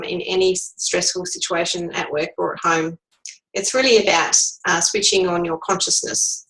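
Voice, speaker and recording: Calm woman teaching a workplace course. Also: mid-range voice, poor audio. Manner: calm, measured, demonstrates sample replies. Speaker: workplace bullying coach. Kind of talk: instructional e-course lesson.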